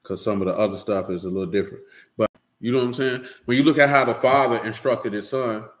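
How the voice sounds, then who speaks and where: In an echoey room, a preacher with a lowish voice talks fast. His sermon is casual and directly addressed to listeners, and he often checks in with "you know what I'm saying."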